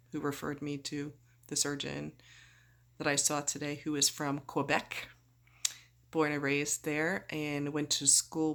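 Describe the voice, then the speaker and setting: A woman's voice: deep voice, vocal fry, a bit bright. A woman vlogging after surgery, groggy and chatty, rambling through her story and acting out what people said. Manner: chatty, rambling, acts out quoted voices. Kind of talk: casual storytelling.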